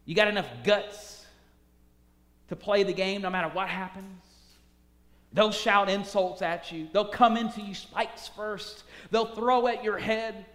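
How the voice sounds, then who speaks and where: A preacher putting on a forceful old ball club boss. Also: male voice, high voice, steady tone, measured pace, pitched above the performer's own voice. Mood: challenging. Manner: forceful, challenging, emphatic. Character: hard-driving older male baseball executive. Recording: echoey hall reverb.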